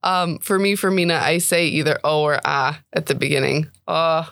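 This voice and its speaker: Gravelly-voiced woman chatting. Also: sits low, moderate pace, a bit bright, dry recording. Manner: chatty, filler-heavy. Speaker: player voicing Mina. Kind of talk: casual chat among players.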